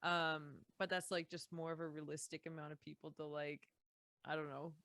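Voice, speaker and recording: A woman's voice: deep voice, level tone, moderate pace, a bit bright, dry recording. A young Canadian woman from Saskatchewan, a musician guest chatting casually on a podcast with lots of fillers and restarts.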